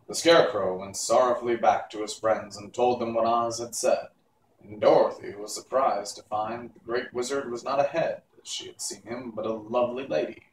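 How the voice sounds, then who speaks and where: A man reads a classic children's story aloud at an even, measured pace. His mid-pitched voice comes from a distance in a roomy space, and a faint hiss sits behind it. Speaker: reader.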